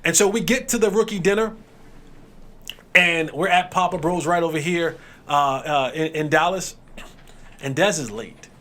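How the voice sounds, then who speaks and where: A male podcast host who is a former NFL player speaks in a fairly high voice. He chats in a relaxed, laid-back way, throwing in quick asides and laughing along.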